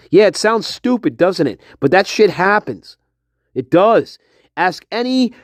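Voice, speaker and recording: A man's voice: on the high side, a little mellow, dry recording, studio quality. A man hosting a livestream, ranting in a heated, profane and repetitive way. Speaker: livestream host.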